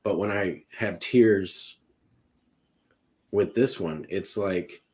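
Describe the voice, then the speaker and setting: A man's voice: sits low, slow pace. A man talking casually about music on a podcast, earnest and emotional, rambling with many restarts. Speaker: podcast panelist ranking songs.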